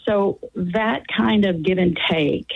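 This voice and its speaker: Older female caller, earnest storyteller; husky, slight fry, phone-line sound. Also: fairly low pitch, slow pace. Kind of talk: phone-in call.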